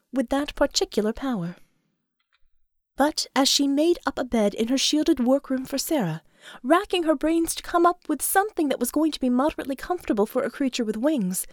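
Expressive female audiobook narrator, high and animated, dry booth sound. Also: dry recording. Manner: expressive, measured storytelling.

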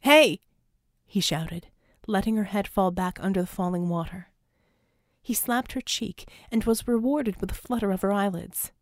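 A woman narrating an audiobook in a dramatic, tense reading that rises to shouts and drops to sobs for the characters. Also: medium pitch, steady tone, moderate pace, no echo, studio quality. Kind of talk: scripted narration.

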